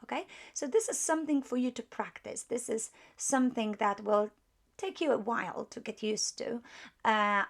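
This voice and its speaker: A woman teaching a beginner language lesson, explaining step by step with many pauses and patient repetition. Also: mid-range voice, creaky. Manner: apologetic when correcting herself.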